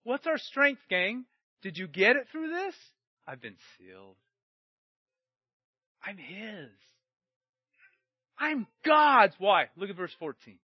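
A middle-aged man preaching a sermon, swinging between shouted emphasis and quiet storytelling. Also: sits high, very animated, slow, pauses often, husky, no room sound. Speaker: pastor. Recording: dry, muffled recording.

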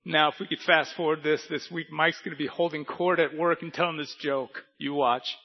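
A male pastor delivers a sermon with a folksy, storytelling manner, tossing asides to his congregation. His voice sits a little higher than most men's. The recording sounds dull and lo-fi. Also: fairly even intonation, moderate pace, creaky.

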